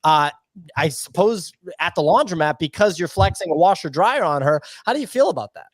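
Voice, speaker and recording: Brief: male podcast co-host, slightly high voice, dry close sound, playful teasing banter. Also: expressive, fairly quick, no echo. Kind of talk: casual podcast chat.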